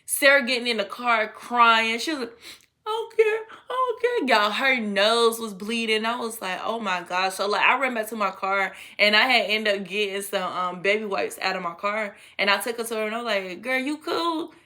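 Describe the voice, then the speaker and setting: Bright-voiced blunt young woman storyteller. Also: mid-range voice, normal speed. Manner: animated, blunt, profane, slangy. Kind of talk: casual storytime vlog.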